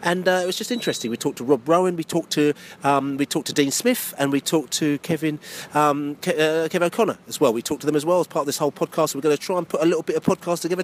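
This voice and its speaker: A man hosting a football podcast in a car park, chatting casually and rambling through restarts as he thinks aloud. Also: a little high. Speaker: podcast host. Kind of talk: casual post-match chat. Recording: faint outdoor traffic noise.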